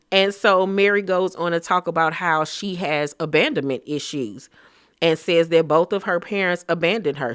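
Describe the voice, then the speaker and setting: A man giving a casual, gossipy recap of a reality TV episode, talking in an animated, slang-filled way. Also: on the high side, dry recording, clean studio sound.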